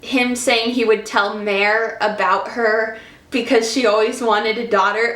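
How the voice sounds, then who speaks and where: Slow, effusive woman vlogger, echoey room. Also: a little high, level tone, a bit bright, a little hiss or hum. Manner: effusive, emotional, chatty. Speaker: book vlogger. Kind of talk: casual book review vlog.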